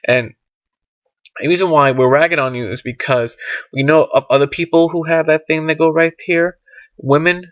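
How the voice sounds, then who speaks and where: A man's voice: mid-range voice, a bit bright, no room sound. A man delivering a crude, sarcastic comedic rant full of swearing, rambling with fillers and asides. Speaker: comedic vlogger. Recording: dull lo-fi dry recording.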